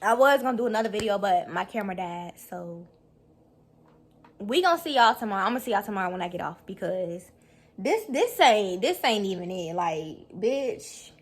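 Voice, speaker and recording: A woman reacting to a talk show clip on her vlog, heated and profane, breaking into laughter. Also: medium pitch. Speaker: YouTube reaction vlogger. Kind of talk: casual reaction commentary.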